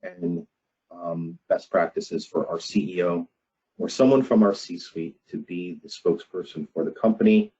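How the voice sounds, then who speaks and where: Man, low husky voice, dark tone, webinar talk, dull lo-fi audio. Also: very animated. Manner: measured, frequent "um" fillers, emphatic repetition. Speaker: webinar presenter on crisis communication. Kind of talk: unscripted webinar presentation.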